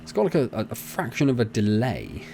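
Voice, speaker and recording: A man's voice: medium pitch, huge pitch swings, fairly quick, creaky, a little mellow, a little hiss or hum. A young man chatting casually and rambling as he plays through a farming game, poking fun at himself. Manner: chatty, rambling, self-mocking. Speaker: gaming channel host. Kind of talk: casual let's play commentary.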